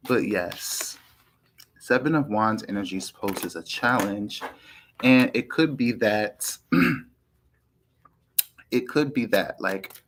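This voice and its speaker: A man giving a casual tarot reading, meandering with frequent ums and restarts and often clearing his throat. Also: fairly low pitch, very slow, long pauses, fairly bright tone, slight background noise, poor audio. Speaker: tarot reader.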